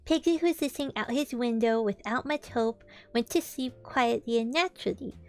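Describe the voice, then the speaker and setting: A young woman streamer reading a storybook aloud, animated, with chatty asides to her viewers. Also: on the high side, fairly quick, few pauses. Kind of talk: casual read-aloud stream. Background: faint background music.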